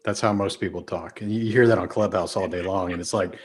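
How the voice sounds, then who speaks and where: A man's voice: deep voice, fairly even intonation, a little fast. A man with a Texas accent, a podcast guest talking casually and emphatically, often shifting his speed and volume. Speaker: podcast guest, business speaker.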